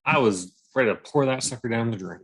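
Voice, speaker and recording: A man with a middle-pitched voice co-hosts a casual bourbon chat. He gives blunt, emphatic advice in short bursts. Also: fast, fairly bright tone, slightly rough, low-quality recording. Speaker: bourbon review co-host.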